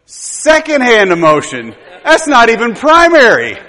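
High-voiced pastor, rambling sermon. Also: male voice, huge pitch swings, measured pace, bright, forceful tone. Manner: conversational and rambling, with tag questions and chuckles. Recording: long hall reverb.

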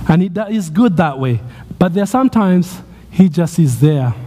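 A man preaches to his congregation in a sermon, often repeating his lines with growing fervor. His voice sits high for a man. The sound carries the long reverb of a church hall. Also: lively intonation, normal speed, mellow. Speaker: pastor.

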